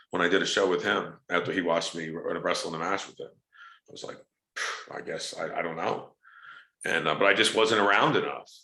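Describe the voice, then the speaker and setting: Sitting low and reverberant, the voice belongs to a wrestler and actor telling stories in a casual interview, animatedly performing the quotes of the people involved.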